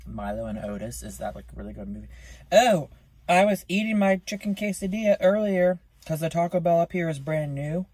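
A young man talking casually into his phone camera in a vlog, chatty and self-mocking, with his voice jumping up in pitch. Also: expressive, brisk, a little mellow. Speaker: vlogger. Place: in a car outside a store.

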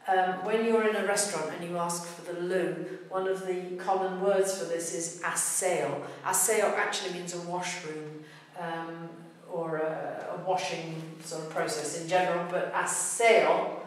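Woman teacher, lowish voice, patient whiteboard explainer, recorded from a distance in a very echoey room. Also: fairly even intonation, moderate pace. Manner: patient, explains step by step with spoken examples. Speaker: Spanish pronunciation teacher. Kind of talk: whiteboard lesson.

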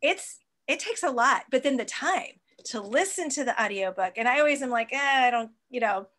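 A woman's voice: on the high side, lively intonation, normal speed, fairly bright tone. A woman hosting a casual chat who agrees readily and reads out viewer questions. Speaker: host.

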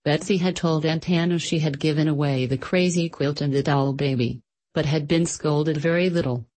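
A woman narrating a storybook in a calm, even storytelling manner. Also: deep voice, moderate pace, poor audio. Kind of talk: storybook reading.

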